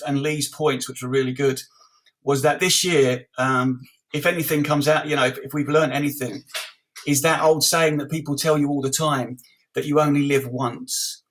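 Lively storytelling man on a video call. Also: on the high side, moderate pace. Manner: lively, repeats words, acts out voices in stories. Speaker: guest. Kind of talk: animated anecdotal storytelling.

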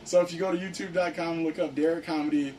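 A young man tells a story to his friends in a loose, excited, profane way, leaning on "like" constantly. His voice sits a little high for a man. He is picked up from a distance, with a faint hiss underneath. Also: fast talker. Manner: excited, profane, heavy use of "like". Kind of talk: casual storytelling among friends. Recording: distant mic with faint background noise.

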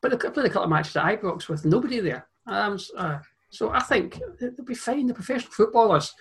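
A man's voice: high-pitched, animated, fast talker, fairly bright tone. A Scottish man co-hosting a football podcast, rambling through stories with many restarts and laughing at his own anecdotes. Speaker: podcast co-host. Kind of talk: casual football chat.

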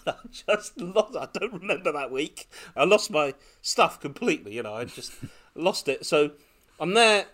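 A man on a podcast telling a lively personal story in casual chat, laughing often as he goes. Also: a little high, unhurried. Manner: animated, laughing, breathless when excited. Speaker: podcast co-host.

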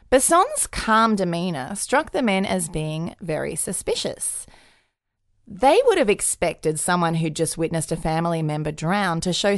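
A woman's voice: mid-range voice, no echo, studio quality. A woman co-hosting a podcast, telling a true crime story in a casual, jokey way full of puns. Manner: jokey, punny, lively storyteller.

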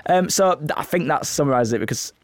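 A man's voice: fairly high pitch, animated, fast, dry recording. A man with a Northern English accent co-hosting a podcast, jokey and rambling in casual chat. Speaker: podcast co-host.

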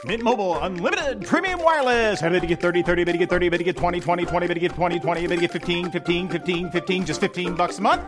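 A rapid-fire auctioneer, played by a man, rattles off numbers in a quick rhythmic chant. His voice sits high and races along, with music playing under the ad. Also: natural voice. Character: fast-chanting male reverse auctioneer.

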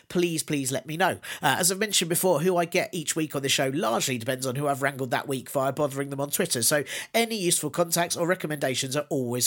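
Dry, sarcastic podcast host. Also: male voice, on the high side, a bit bright. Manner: dry, sarcastic, jokey asides. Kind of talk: podcast outro, reading listener replies.

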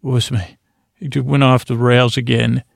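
Creaky, rambling podcast host, man. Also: mid-range voice, level tone, moderate pace, no room sound, studio quality. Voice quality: creaky, soft and lulling. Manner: meandering, goofy, full of restarts and asides. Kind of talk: rambling bedtime podcast monologue. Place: closet.

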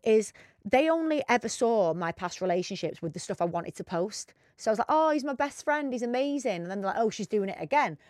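A woman co-hosting a podcast, rattling off stories at a quick clip and swearing as she goes. The recording is dry and close, with no room sound. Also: medium pitch, animated, darkish tone, no echo. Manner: fast, sweary, storytelling. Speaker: podcast co-host. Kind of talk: casual chat.

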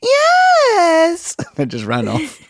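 A man hosting a podcast in casual chat, an animated storyteller who swears freely and acts out voices. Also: fairly low pitch, normal speed, vocal fry, no echo, clean studio sound. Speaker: podcast host.

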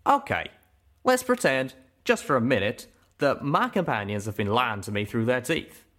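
A man voicing a boastful male pegasus pony gunslinger who talks in a folksy drawl, animated and emphatic. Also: medium pitch, moderate pace, pitched above the performer's own voice. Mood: defensive.

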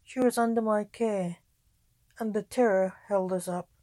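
A woman's voice: medium pitch, fairly even intonation, unhurried, dark tone, dry recording, natural voice. A woman doing a glum, proud knight. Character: gloomy adult male knight, proud and reluctant.

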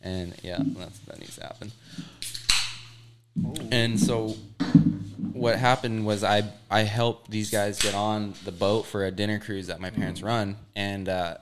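A man's voice: lowish voice, steady tone, measured pace, noisy background. A man from Hawaii telling a story in a casual, laid-back way, with lots of "like" and casual swearing. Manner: laid-back, heavy use of "like", swears freely. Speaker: podcast guest.

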